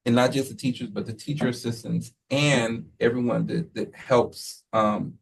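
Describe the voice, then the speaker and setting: A man who leads a school, giving a relaxed, rambling report to the board, full of fillers and quoted asides. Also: medium pitch, moderate pace, creaky, distant mic, poor audio. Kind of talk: casual spoken report at a meeting.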